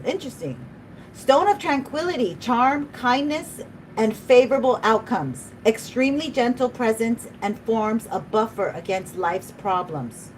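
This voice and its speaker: A woman's voice: mid-range voice, slight background noise, low-quality recording. Chatty emotional woman reading tarot. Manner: chatty, emotional, laughs often, speaks to spirit. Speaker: tarot reader.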